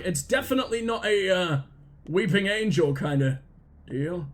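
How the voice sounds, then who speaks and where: A man giving sarcastic, profane let's play commentary as a gaming streamer, jumping into high yelps. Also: moderate pace, fairly bright tone.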